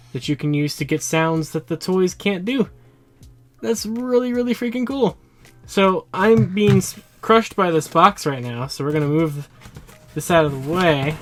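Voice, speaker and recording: A man hosting a casual toy unboxing vlog, chatty and excitable, a little out of breath. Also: on the high side. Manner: excitable, chatty, laughs often. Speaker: toy collector YouTuber.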